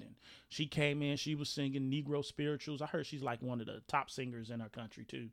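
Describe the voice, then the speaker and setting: A man hosting a podcast, talking in an animated, rambling way with many restarts. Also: medium pitch, a little fast, creaky, no echo. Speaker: podcast host. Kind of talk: casual podcast talk.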